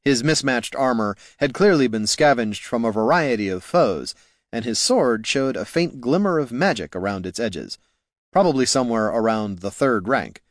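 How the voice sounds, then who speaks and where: A man narrating an audiobook in a wry, measured storytelling voice. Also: mid-range voice, lively intonation, dry recording, studio quality.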